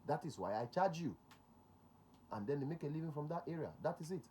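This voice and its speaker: A man's voice: on the high side, expressive, quick pace, dark tone, slight background noise. A man with a Nigerian accent, a security consultant hosting a talk show. He speaks emphatically, repeats his key points and slips into Pidgin.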